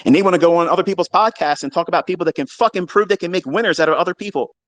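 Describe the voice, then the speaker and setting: A man on a heated, profane rant, taunting his critics and bragging, with a voice that sits a little high for a man. He jumps from loud outbursts to low mutters. The sound is dry and close, with no room echo. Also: very fast. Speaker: trading educator hosting a live audio room.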